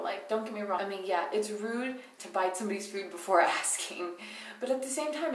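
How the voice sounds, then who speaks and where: A woman's voice: fairly high pitch, expressive, brisk, far from the mic. Profane young woman recapping reality TV, echoey. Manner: profane, rambling, opinionated, laughs as she talks. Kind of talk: casual episode recap. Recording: roomy echo, speaking away from the mic.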